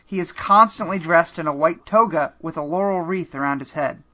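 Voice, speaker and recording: Narrating a comedic choose-your-own-adventure as a podcast host, this man stays dry and deadpan except for occasional bursts of laughter. His bright-edged voice is fairly high and a little fast, captured in slightly muffled, lo-fi sound.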